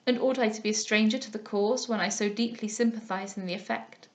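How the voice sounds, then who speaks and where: A woman voicing a gentle, grave old guardian. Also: medium pitch, fairly even intonation, brisk, natural voice. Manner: soft, mild, solemn speech.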